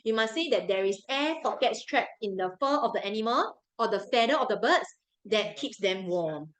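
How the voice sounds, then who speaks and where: A woman's voice: medium pitch, animated, moderate pace, fairly bright tone, low-quality recording. A young woman with a Singaporean English accent teaching a live science revision class, chatty and repeating key points to coax her students along. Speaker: science tutor.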